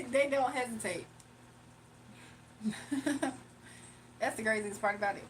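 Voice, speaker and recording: A woman's voice: fairly high pitch, slow pace, slight background noise. A young woman hosting a casual livestream, laughing often and chatting in slang with her viewers. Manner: laughs often, slangy, reads chat aloud. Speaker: livestream host. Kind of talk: casual live-stream chat with viewers.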